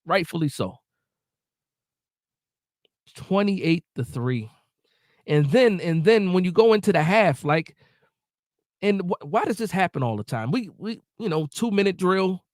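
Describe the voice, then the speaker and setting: A man's voice: sits high, animated, a little slow, pauses often, no room sound, studio quality. A man hosting a live post-game reaction stream, ranting emotionally and repeating himself while following the chat. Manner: reads and answers live chat.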